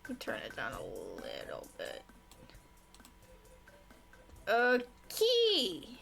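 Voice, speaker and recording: Excitable woman streaming a game. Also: medium pitch, very slow, gravelly, soft background music. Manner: excitable, breaks into character voices. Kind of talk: game stream, reading dialogue aloud.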